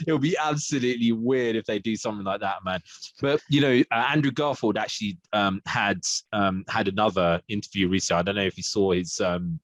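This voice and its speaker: A man's voice: lowish voice, a little fast, dry recording, muffled recording. Rambling laid-back podcast man, dry sound. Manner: rambling, laughs often, many fillers. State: frog in his throat. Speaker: podcast co-host. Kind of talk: casual chat.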